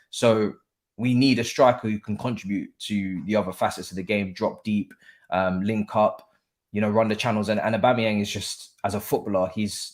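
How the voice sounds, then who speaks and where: A man, a guest pundit in casual football chat, animated and repeating phrases with frequent ums. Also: fairly low pitch.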